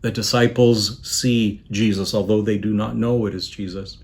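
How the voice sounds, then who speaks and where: Measured, reflective man preaching a sermon. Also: fairly low pitch, steady tone. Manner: measured, reflective preaching with pauses and softly trailing phrases. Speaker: bishop preaching.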